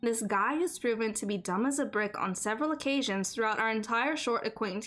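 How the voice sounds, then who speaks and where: A woman streamer reading a visual novel aloud and riffing on it, animated and playful, repeating phrases for laughs. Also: on the high side, brisk, hardly any pauses. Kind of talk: let's-play commentary and visual novel narration.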